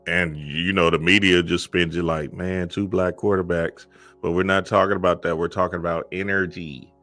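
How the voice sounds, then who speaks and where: A man's voice: low-pitched, fairly bright tone. A man talking in a casual, emphatic monologue, often asking "you feel me" and acting out quoted voices. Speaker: spiritual content creator.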